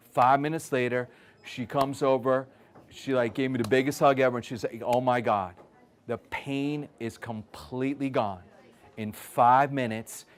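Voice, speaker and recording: A man presenting at a wellness event, telling his stories with lively energy. His voice sits in a mid register, and he keeps checking in with the audience through a steady stream of "okay?". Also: medium pitch. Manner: animated storyteller, frequent "okay?" check-ins. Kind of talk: live talk with stories.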